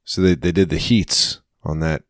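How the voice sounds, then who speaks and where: Deep-voiced guy chatting. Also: steady tone, normal speed, no echo, clean studio sound. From United States. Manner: jokey, rambling, laughs often. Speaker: podcast co-host. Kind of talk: casual chat.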